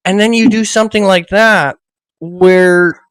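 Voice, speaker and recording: A man with a high voice hosts a casual history chat, thinking aloud and tripping over repeated words. His voice sounds dry and close, with no room echo at all. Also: steady tone, unhurried, a bit bright, clean tone. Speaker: podcast host.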